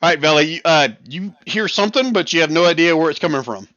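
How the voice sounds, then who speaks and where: A man narrating and running an online tabletop role-playing game as game master, relaxed and chuckling. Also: dry recording, muffled recording. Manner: relaxed, chuckling, voices the crowd in quick high bursts. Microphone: headset or desk mic on voice chat.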